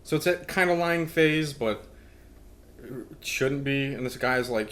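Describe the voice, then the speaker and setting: A man's voice: mid-range voice, unhurried. A young man co-hosting a podcast, telling stories in casual chat and acting out the people he quotes. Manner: animated storytelling, acting out quoted voices. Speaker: podcast co-host.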